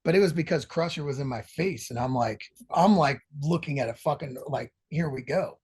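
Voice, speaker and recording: Husky, profane middle-aged man. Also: fairly high pitch, brisk. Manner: profane, rambling, animated storytelling. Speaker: guest musician. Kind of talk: casual storytelling interview.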